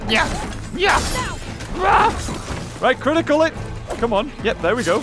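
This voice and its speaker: A man hosting a let's play, chatting excitably and talking to the creatures on screen. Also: very high-pitched, unhurried, loud music behind the voice. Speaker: gaming channel host.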